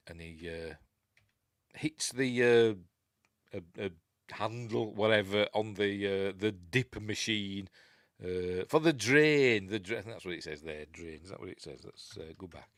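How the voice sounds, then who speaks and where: A Yorkshire man talks through a film scene by scene in a loose, chatty way, with lots of chuckles and trailing asides. His voice sits low but swings up and down with real animation. The sound is close and dry. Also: animated, slow, long pauses, no echo. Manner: rambling, chuckling, loses his place. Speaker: film review host. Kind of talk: casual film commentary.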